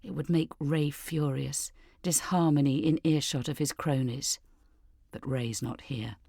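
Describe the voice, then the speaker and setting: A woman narrating an audiobook in a measured, deliberate way. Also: a bass voice, fairly even intonation, creaky, mellow, dry recording, clean studio sound. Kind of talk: scripted narration.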